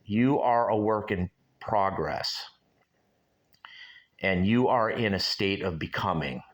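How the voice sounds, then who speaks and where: A man in his sixties voicing a calm, encouraging male ghost who gives him gentle, philosophical advice. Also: lowish voice, takes it slowly. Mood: reassuring. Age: 60s.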